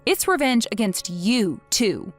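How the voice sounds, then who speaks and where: A woman's voice: a little high, big pitch swings, measured pace, faint music behind. A woman voicing a vengeful young wife who speaks in a mocking, sarcastic way. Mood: taunting. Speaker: wife in a text-message story.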